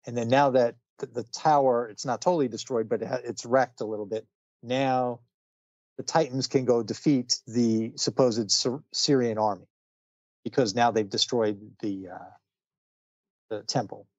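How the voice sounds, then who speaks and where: A man's voice: mid-range voice, fairly even intonation, moderate pace, a little mellow, dry recording, highs cut off. A man casually retelling a comic book story on a podcast, chatty, with many fillers and frequent laughs. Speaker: podcast co-host.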